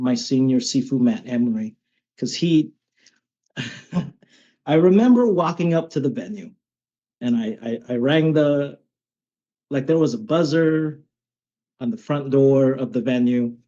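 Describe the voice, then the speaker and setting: A man's voice: mid-range voice, warm tone. Chatty male guest on a lo-fi line. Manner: chatty, with frequent "um" and "right?" tags. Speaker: martial arts instructor, guest. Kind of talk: conversational storytelling.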